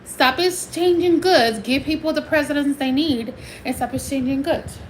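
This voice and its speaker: A high-voiced woman from Puerto Rico delivers a heated, emphatic livestream rant, dropping into Spanish now and then. A faint hiss of noise sits under her voice. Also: moderate pace, low-quality recording. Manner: heated, emphatic, switching between English and Spanish.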